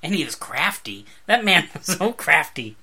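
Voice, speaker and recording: A woman's voice: sits low, big pitch swings, normal speed, sharp tone, husky. A woman co-hosting a casual comedy podcast, joking around as she reads out listener questions. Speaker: podcast co-host.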